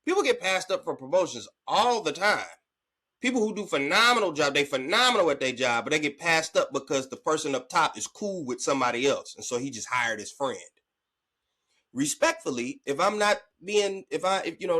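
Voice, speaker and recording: A man hosting a sports podcast, giving casual, slangy commentary and acting out players' reactions. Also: on the high side. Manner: animated, conversational, slangy, acts out players' reactions.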